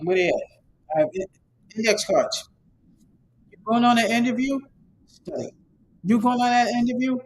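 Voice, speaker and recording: A man's voice: high voice, slight background noise, low-quality recording. A man who teaches an online course, giving his students a casual, rambling, repetitive motivational talk with emphatic repeated urging. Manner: casual, conversational.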